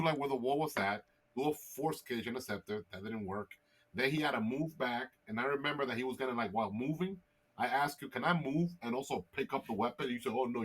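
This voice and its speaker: A man's voice: mid-range voice, husky. A man playing a tabletop role-playing game, walking through his character's turns in long, rambling explanations. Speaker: player. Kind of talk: casual tabletop game chat.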